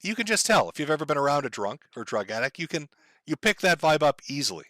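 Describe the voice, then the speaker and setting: A man explains the background of a clip in a casual, matter-of-fact way. His voice sits a little high and bright, and the sound is close and dry. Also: very animated, quick pace, no room sound. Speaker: commentary host.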